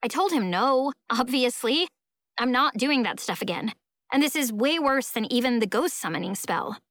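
A woman narrating an audiobook in the first person, expressive and emphatic as she tells it. Her voice sits a little higher than most. The read is close and dry, with no room sound at all. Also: moderate pace, dry recording.

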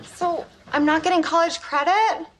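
Spacey young intern. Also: female voice, very high-pitched, normal speed, a bit bright, slight background noise, low-quality recording. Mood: airy. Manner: spacey and carefree. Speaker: sitcom character, intern. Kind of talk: sitcom acting.

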